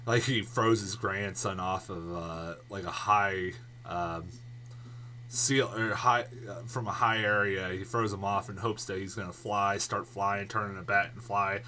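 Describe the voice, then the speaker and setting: A man giving a casual, rambling movie review vlog, swearing freely, laughing often and getting loud and worked up. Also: lowish voice, fairly even intonation, unhurried, a little hiss or hum.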